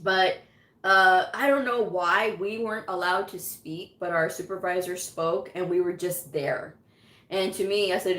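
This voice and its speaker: A woman's voice: fairly low pitch, fairly even intonation, measured pace, sharp tone. A middle-aged woman hosting a casual storytelling livestream about medical coding, chatting, laughing often and acting out what others said. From United States. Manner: chatty, laughs often, acts out quotes in voices. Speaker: medical coding educator and channel host. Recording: echoey room.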